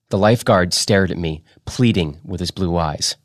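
A man hosting a podcast, reading fiction aloud in a steady, measured way. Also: low-pitched, no echo, clean studio sound. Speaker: podcast host.

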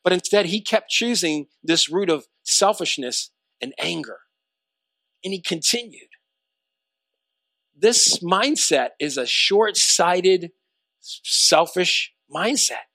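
A man preaching a sermon with rising, emphatic intensity. His voice sits high and sounds bright and forceful. The sound is dry and close, with no room around it. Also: expressive, takes it slowly, long pauses, dry recording. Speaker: pastor.

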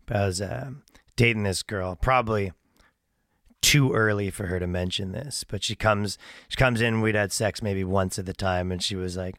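A man, a comedian guest, telling a rambling, halting story in casual chat and laughing at his own words. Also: lowish voice, fairly bright tone, no room sound, studio quality.

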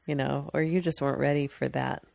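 Co-host, female, gravelly voice, dry close mic, teasing and quick to laugh. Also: a bass voice, steady tone, a little mellow, no room sound. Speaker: podcast co-host. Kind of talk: casual chat.

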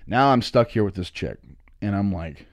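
A man in his thirties telling a wild story, animated and swearing, acting out what people said. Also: on the low side, moderate pace, no echo, studio quality. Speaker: comedian guest. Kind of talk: casual storytelling. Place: studio.

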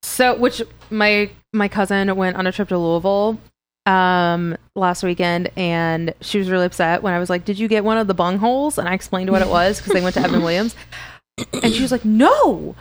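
A young woman co-hosting a casual podcast. She chats easily and keeps drifting into "um" and "so" as she goes. Her voice sits at a middle pitch for a woman. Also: fairly even intonation, fairly quick, clear, resonant tone. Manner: chatty, trails off with fillers. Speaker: podcast co-host. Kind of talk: casual chat.

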